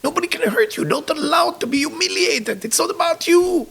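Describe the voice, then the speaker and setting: A man's voice: a little high, expressive, fast talker, vocal fry, fairly bright tone, slightly rough, heavily acted. A man voicing a great rabbi of old who is urgently pleading with a humble scholar, in a retold story. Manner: insistent, emphatic pleading.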